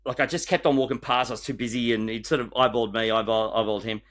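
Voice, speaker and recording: A man telling stories as a guest in a casual chat, lively and full of restarts. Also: medium pitch, quick pace. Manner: animated storyteller with frequent restarts. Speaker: guest, former reality-show builder.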